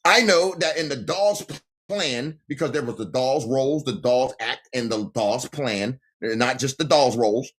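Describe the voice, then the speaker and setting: Over a phone livestream, a man rants directly at his viewers, taunting and confronting them in a monologue. His voice is mid-range with a fairly bright tone, and he speaks unhurriedly.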